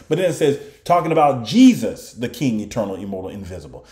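A man preaching a sermon in an animated way, often mocking his opponents in put-on voices. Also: mid-range voice, fast, hardly any pauses.

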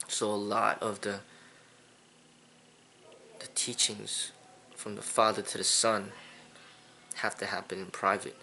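Speaking slowly and flatly with long pauses, this kung fu channel host's fairly low voice is creaky yet pushed and bright. His casual monologue is indignant and repetitive, packed with fillers, and slight noise sits in the background.

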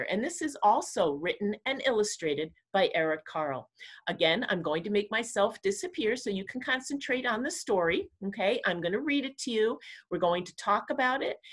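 Expressive kindergarten teacher reading aloud. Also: female voice, medium pitch. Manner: expressive read-aloud, acting out animal sounds. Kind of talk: reading a picture book aloud to young children.

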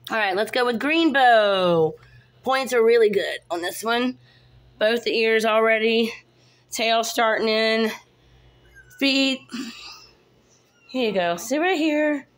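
Holding her phone, a woman who breeds cats shows off her kittens one by one in a casual vlog, chatting and cooing baby talk at them. She speaks slowly with a voice on the high side, pausing often.

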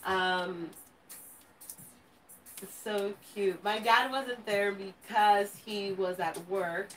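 A woman's voice: mid-range voice, fairly even intonation, extremely slow, recorded from a distance, a little hiss or hum, low-quality recording. A woman in her thirties from California, Spanish her first language, chatting casually on a live stream, rambling and giggling at herself. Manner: rambling, giggly, self-teasing. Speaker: host.

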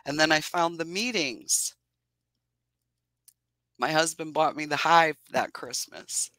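A chatty woman beekeeper speaks over a video call, earnest and given to laughing between thoughts. Her voice is bright and ringing. The sound is dry and close, with no room in it. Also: low-pitched, slow, dry recording, poor audio. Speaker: beekeeper guest. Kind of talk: casual video-call interview.

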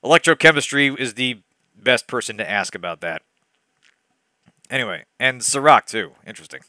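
A man's voice: mid-range voice, expressive, moderate pace, bright, forceful tone, no room sound, clean studio sound. A young man hosting a comic book-reading game, with wry, digressive asides. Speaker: let's-play host reading a bad novel.

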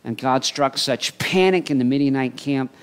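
Lively storytelling preacher man. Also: medium pitch, moderate pace, smooth. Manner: animated storytelling, acting out voices. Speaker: pastor. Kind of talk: sermon.

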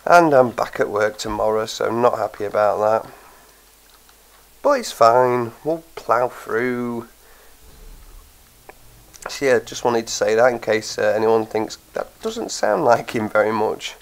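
His mid-range voice is expressive but creaky and a little slow, and he's plainly tired and stuffed up from a cold. This gaming host offers casual commentary as he plays, umming often, in a low-quality recording.

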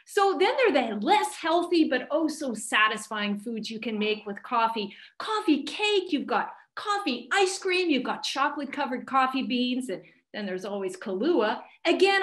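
High-voiced woman, comic debater, animated delivery, echoey video-call room. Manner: playful, theatrical emphasis. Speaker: faculty debater. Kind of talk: comedic debate speech.

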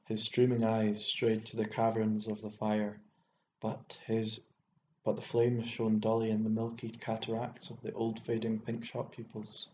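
Low, even-voiced Irish male narrator. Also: a little slow. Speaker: audiobook narrator. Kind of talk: literary audiobook reading. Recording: dull lo-fi with faint hiss.

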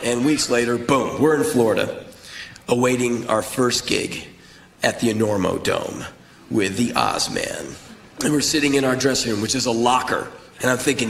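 A man's voice: mid-range voice, expressive, normal speed, vocal fry, fairly bright tone. Intense, profane man telling stories live. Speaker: spoken word performer. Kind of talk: live spoken word storytelling. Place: stage in a large venue. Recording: echoey live venue with crowd noise.

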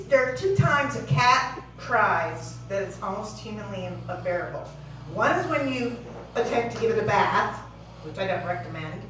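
A woman's voice: fairly high pitch, a bit bright, distant mic. A woman doing a stand-up routine on a comedy club stage, telling a story in a dry, self-deprecating way, recorded from afar. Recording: echoey club heard from afar, noisy.

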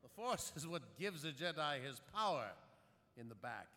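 A man reading an old male space wizard mentor in a live comedy script reading, hammy and slow, with mock-dramatic pauses. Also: fairly high pitch, big pitch swings, bright, forceful tone. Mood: mock grave. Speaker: voice actor in live parody reading. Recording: long reverb of a convention hall.

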